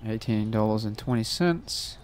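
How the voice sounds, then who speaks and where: A man's voice: on the low side, normal speed, heavy background noise. A man giving casual gameplay commentary, swearing constantly and muttering prices as he counts change. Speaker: gaming channel host.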